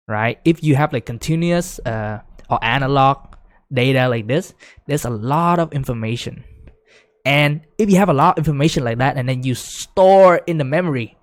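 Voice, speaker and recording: A man giving a casual whiteboard lecture, full of fillers like "right?", growing excited as he explains. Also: mid-range voice, moderate pace, dry recording. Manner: chatty, many fillers, rising excitement when explaining. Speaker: teacher.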